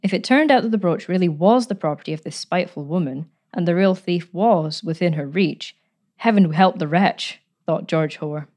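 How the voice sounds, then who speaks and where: A woman narrating a story aloud in a measured, even way. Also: on the low side.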